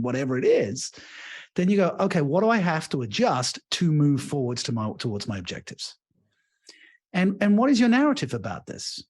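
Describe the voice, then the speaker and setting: Animated storytelling male leadership coach. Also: on the high side. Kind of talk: conversational podcast interview.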